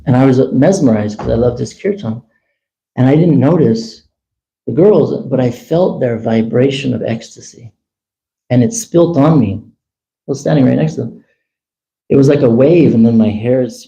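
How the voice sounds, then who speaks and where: A man telling a long personal story at a temple gathering, chatty and animated, acting out the dialogue. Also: medium pitch, creaky, highs cut off. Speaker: temple speaker. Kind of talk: casual storytelling talk.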